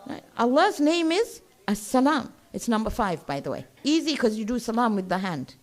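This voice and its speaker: A woman's voice: a little high, big pitch swings, normal speed. Chatty woman giving a religious lecture. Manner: conversational, checks in with listeners.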